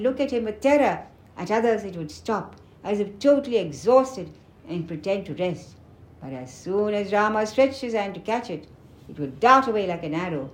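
Woman, storybook narration, expressive and dramatic, mid pitch, roomy echo. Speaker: book reader. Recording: roomy echoing room.

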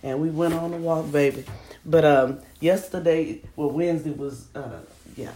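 A woman's voice: low voice, normal speed. Laughing chatty woman telling a story. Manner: animated, laughing, playful exclamations. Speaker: podcast host. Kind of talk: casual storytelling monologue.

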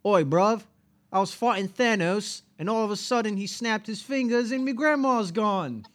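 A man's voice: high voice, normal speed, fairly bright tone, pitched above the performer's own voice. A man putting on an exaggerated British voice as a rowdy, slangy bloke gushing about superhero films. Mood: excited.

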